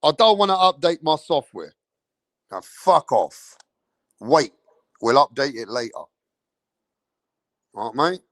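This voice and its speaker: A man's voice: on the high side, very animated, measured pace, pauses often, fairly bright tone, no echo, clean studio sound. A man from England with an English accent, hosting a boxing channel and ranting angrily on a livestream, swearing constantly and repeating himself. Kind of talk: profane livestream rant.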